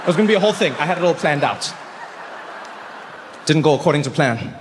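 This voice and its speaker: A man telling a story as a stand-up comedian, animated and acting out voices, on stage in a large hall. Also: fairly high pitch, fast, noisy background.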